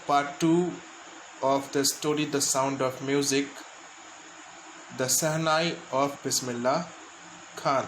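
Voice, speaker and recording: A man with an Indian accent, a school teacher, explaining an English lesson slowly and stopping often to gloss words for his students. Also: mid-range voice, steady tone, a bit bright, echoey room, a little hiss or hum, rough recording.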